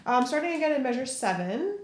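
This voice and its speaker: A woman's voice: sits high, big pitch swings, brisk. A woman teaching a viola lesson, talking through bowing step by step between played passages. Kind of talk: instrument tutorial. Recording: echoey room with loud viola playing.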